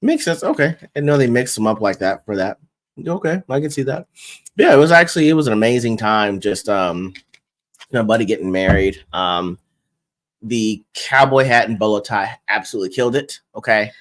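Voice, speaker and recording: A man from Texas co-hosting a casual livestream podcast, animated, laughing often and slipping into voices and snatches of song. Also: fairly low pitch, a little fast. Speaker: podcast co-host.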